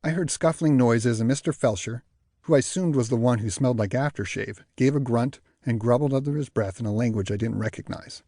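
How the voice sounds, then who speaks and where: A man narrating an audiobook in the first person with expressive storytelling. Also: medium pitch, a little fast, no echo, clean studio sound.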